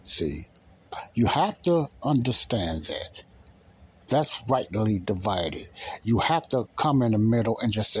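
Guy preaching casual, low husky voice, keeps repeating himself and asking questions. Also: lively intonation, takes it slowly, rough recording. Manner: conversational and emphatic, repeats phrases and asks rhetorical questions. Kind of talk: informal preaching.

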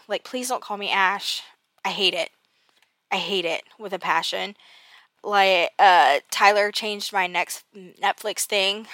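Her mid-range voice sounds pushed and bright, with no echo in the recording. As a podcast host chatting casually about personal things, she gets exasperated, laughs at her own expense, and uses plenty of filler words.

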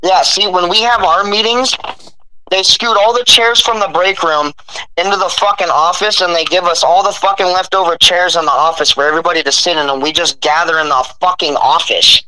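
A man's voice: high-pitched, steady tone, brisk, sharp tone, low-quality recording. A young man, a welder, telling a blunt, profane story about work in casual chat.

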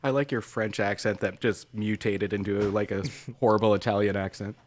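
A middle-aged man co-hosting a casual podcast chat, wry and quick to laugh, swearing casually. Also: on the low side, steady tone. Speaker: podcast co-host.

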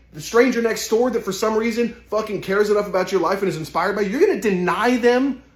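A man's voice: high voice, roomy sound. A man giving an impassioned, profane motivational monologue, speaking intensely and swearing heavily.

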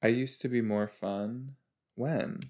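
Male podcast host, unhurried casual reaction commentary, rambling with frequent exclamations. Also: medium pitch, steady tone, a little mellow. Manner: chatty, rambling, exclaiming with frequent self-interruptions.

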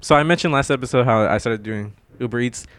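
A man's voice: medium pitch, quick pace, a bit bright. Laughing young man telling stories. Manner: laughing storyteller, slangy. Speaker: podcast co-host. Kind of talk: casual chat. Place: home room.

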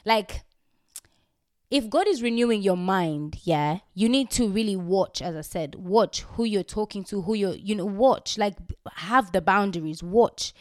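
A woman hosting a faith podcast and answering listener questions in an earnest, casual way, often dropping her voice low and checking that the listener is following. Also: no room sound, studio quality. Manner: earnest, repeats herself, keeps asking "do you get what I'm trying to say?".

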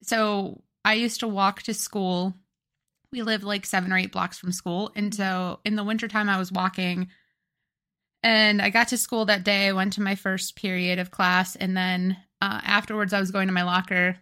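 Bright-voiced young woman telling stories. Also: mid-range voice, normal speed. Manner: animated storyteller, acts out quoted friends. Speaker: podcast co-host. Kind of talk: casual chat.

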